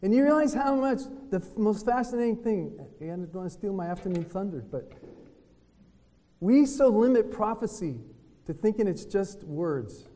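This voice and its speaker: A man giving a retreat talk in a preaching style, telling lively stories and acting out what other people said. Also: sits high, moderate pace. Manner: lively storytelling that acts out other people's words. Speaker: retreat speaker. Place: hotel conference room. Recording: long reverb of a hotel meeting hall.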